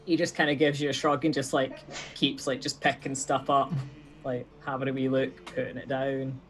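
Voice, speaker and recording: Joking player, mid voice. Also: male voice, mid-range voice, level tone, moderate pace, a bit bright. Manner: joking, describes his character's actions. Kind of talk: tabletop game chat. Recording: online call with faint music behind.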